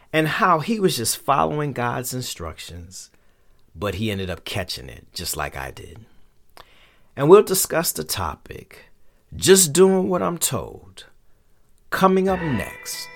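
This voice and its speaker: A man's voice: lowish voice, creaky. A man hosting a show, giving a casual, conversational Bible lesson in colloquial slang and acting out quotes. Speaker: podcast host and Bible teacher.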